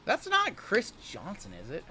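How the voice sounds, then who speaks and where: A high, bright-voiced man runs a livestream card break, calling out every pull as it comes. He keeps the patter jokey and upbeat between cards. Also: huge pitch swings, a little slow, breathy edge. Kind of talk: livestream card-opening commentary.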